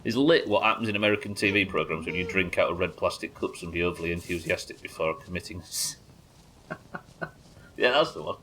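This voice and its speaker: A man's voice: low-pitched, brisk, pushed and bright, a little hiss or hum. A British man giving casual, chatty, sweary commentary while he plays and builds in a game. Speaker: game streamer. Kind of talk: casual let's-play commentary.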